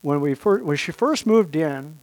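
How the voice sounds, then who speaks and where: A man at a recovery meeting tells his long story unhurriedly, wryly and anecdotally, quoting people in brief voices. His voice is a little high yet darkish in tone, and he's expressive.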